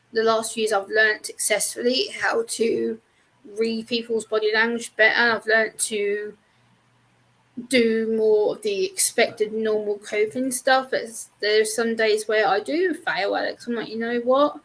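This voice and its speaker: A woman's voice: on the high side, fairly even intonation, measured pace, a bit bright, rough recording. A woman guest on a casual live-stream chat, speaking candidly and frankly with easy laughs.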